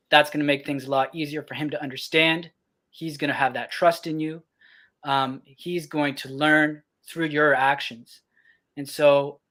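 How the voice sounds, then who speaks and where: A young man, a podcast co-host, talking about fatherhood in a reflective way, often pausing with ums. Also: fairly high pitch, pushed and bright. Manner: reflective, many ums and restarts. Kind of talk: casual podcast talk.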